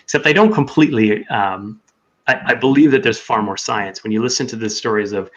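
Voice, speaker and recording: As a podcast guest, a man earnestly tells his story in casual chat, sometimes acting out his own inner voice. His voice is on the low side, brisk and a bit bright, captured with dull lo-fi sound.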